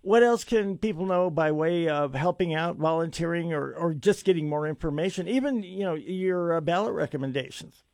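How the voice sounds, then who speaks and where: A man's voice: fairly high pitch, moderate pace, few pauses, darkish tone, no echo. A man hosting a political talk radio show, speaking emphatically and often repeating himself as he leads the interview. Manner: emphatic, repeats words, self-described sarcastic.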